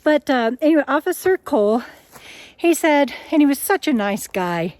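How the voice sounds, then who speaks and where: A woman's voice: high-pitched, moderate pace, no echo. A woman telling a story in a casual outdoor vlog while out hiking on a forest trail, a little out of breath and laughing often. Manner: chatty, laughs often, animated retelling. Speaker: RV nomad vlogger.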